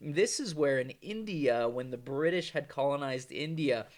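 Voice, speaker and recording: A man's voice: mid-range voice, lively intonation, moderate pace, a little mellow. Profane, rambling man vlogger. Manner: profane, rambling, loose and conversational. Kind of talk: casual rambling monologue.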